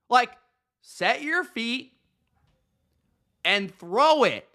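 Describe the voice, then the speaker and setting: A man's voice: very high-pitched, lively intonation, unhurried, sharp tone. Exasperated man ranting about football. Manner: exasperated, sarcastic, slangy. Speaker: podcast host. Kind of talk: ranting sports commentary.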